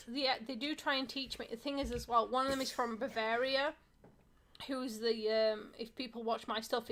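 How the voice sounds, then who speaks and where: A woman's voice: high voice, a bit bright. A woman co-hosting a casual livestream, rambling and giggling, often restarting her sentences. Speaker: streamer co-host.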